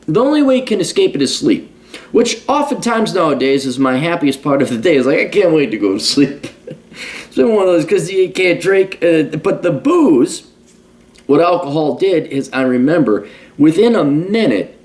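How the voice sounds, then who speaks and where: A man in his late forties delivering a blunt, profanity-laced rant as a podcast host. His voice swings widely in pitch, jumping high when worked up and dropping low and quiet, in a loose, casual monologue. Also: sing-song, normal speed. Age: 40s.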